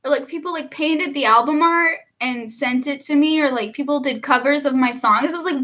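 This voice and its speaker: A young woman hosting a casual music livestream with a bright, forceful voice that sits a little high. She giggles often and reads viewer comments aloud between bits of chat. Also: normal speed. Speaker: singer-songwriter hosting a livestream.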